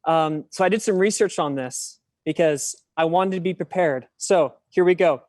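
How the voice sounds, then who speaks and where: A man's voice: fairly high pitch, moderate pace, darkish tone, dry recording, clean studio sound. A man, a podcast guest talking in a chatty, self-deprecating way. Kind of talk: casual podcast interview.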